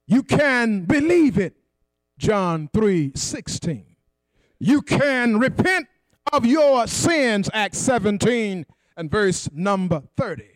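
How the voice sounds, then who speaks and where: Whooping preacher man, high voice. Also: dry recording, studio quality. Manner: whooping, sing-song cadence with call-and-response; often shouts. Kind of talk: sermon.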